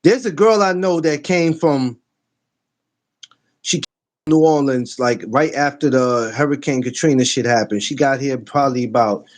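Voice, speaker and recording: A man from New York co-hosting a podcast, laid-back and quick to laugh, talking in street slang. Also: mid-range voice. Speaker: podcast co-host. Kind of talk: casual chat.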